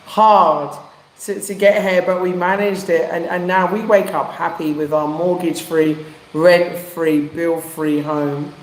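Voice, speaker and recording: A woman's voice: lowish voice, fairly even intonation, measured pace. Emotional woman telling her story, echoey room. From England. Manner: emotional storytelling, warm street slang. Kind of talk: casual chat.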